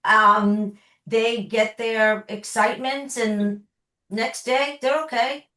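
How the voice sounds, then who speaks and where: A woman's voice: on the high side, fairly even intonation, slow, bright, forceful tone. A woman therapist answering questions, explaining with everyday examples in a conversational way. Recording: echoey room sound.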